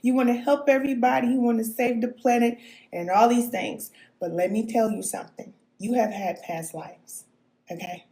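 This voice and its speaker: A woman's voice: a little high, fairly even intonation, moderate pace, warm tone, roomy sound. A woman giving a live-streamed spiritual talk as a spirit guide, answering viewer comments, emphatic and preachy, often checking in with "okay?" and chuckling. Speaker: self-described spirit guide.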